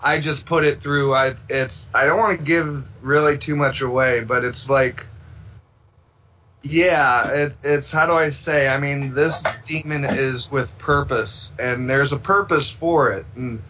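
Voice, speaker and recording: A man's voice: medium pitch, fairly even intonation, unhurried, sharp tone, slight background noise. A man guesting on a podcast, rambling casually and acting out the voices he quotes. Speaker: filmmaker guest. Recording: dull lo-fi sound.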